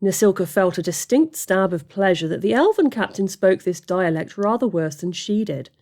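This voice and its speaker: Expressive woman reading a story. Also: mid-range voice, moderate pace. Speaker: narrator. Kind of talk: audiobook fiction reading.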